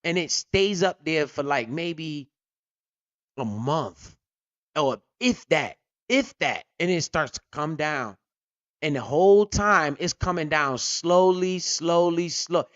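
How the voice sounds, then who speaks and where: A man's voice: fairly high pitch, expressive, slow, fairly bright tone, no echo, dull audio. A man hosting a casual crypto livestream, telling stories animatedly with lots of slang and swearing. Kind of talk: casual profane livestream talk.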